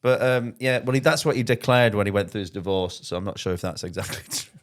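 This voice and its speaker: A man with a fairly low voice chats casually on a podcast, spinning rambling stories. He restarts his sentences and drops dry asides, often laughing at his own jokes. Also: quick pace. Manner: rambling anecdotes with frequent restarts. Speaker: comedian guest.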